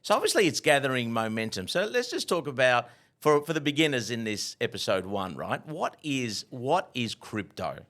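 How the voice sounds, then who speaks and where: An upbeat man with an Australian accent, hosting a casual interview podcast and asking lively questions. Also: medium pitch, normal speed. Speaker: podcast host.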